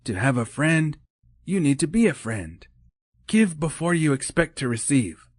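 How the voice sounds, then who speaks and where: A man voicing Mrs. Claus in an audiobook, a cheerful, encouraging older woman with a brisk manner. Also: fairly high pitch, big pitch swings, no echo, studio quality, pitched above the performer's own voice. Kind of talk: audiobook character voice.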